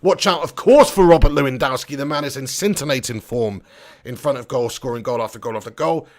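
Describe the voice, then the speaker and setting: A man's voice: medium pitch, a little fast. A man who hosts a live football watch-along, commenting on the match and reading viewers' comments in a jokey, rambling way. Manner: chatty, jokey, rambling, banter-heavy.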